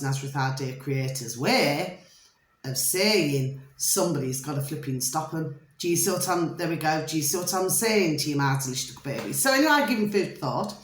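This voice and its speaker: A British woman vlogging, telling a long rambling story to her viewers in a theatrical, repetitive way and calling them pet names. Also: on the low side. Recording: roomy echo.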